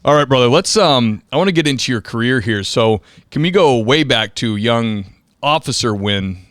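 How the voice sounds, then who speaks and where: A man's voice: medium pitch, normal speed, no echo, clean studio sound. A middle-aged man hosting a police podcast, chatting casually with lots of fillers as he asks questions. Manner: relaxed, chatty, many fillers. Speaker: podcast host, police officer. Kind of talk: casual interview chat.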